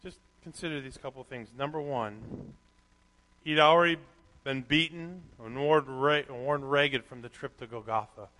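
A man preaching a sermon, reading scripture aloud and swinging from quiet reflection to loud, animated emphasis. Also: medium pitch, measured pace. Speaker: pastor. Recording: long hall reverb.

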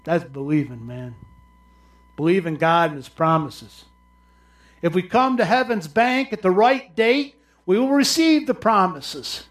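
High-voiced man preaching with fervor. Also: expressive, a little slow. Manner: impassioned preaching, swinging from loud high cries to low murmurs. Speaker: pastor. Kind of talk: sermon.

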